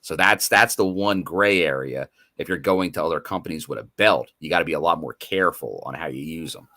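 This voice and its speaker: A man's voice: rumbling low, fairly quick, sharp tone, dry recording, studio quality. A man co-hosting a podcast, chatting casually and analytically about wrestling storylines. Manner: rambling, loose analytical talk. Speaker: podcast co-host. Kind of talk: casual wrestling recap chat.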